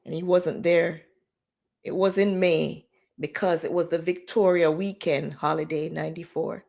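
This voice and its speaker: A woman's voice: fairly low pitch, measured pace, gravelly. Woman in her forties, livestream storyteller, candid and emotional, quotes others with energy. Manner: candid, emotional, animated retelling with quoted dialogue. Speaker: livestream host.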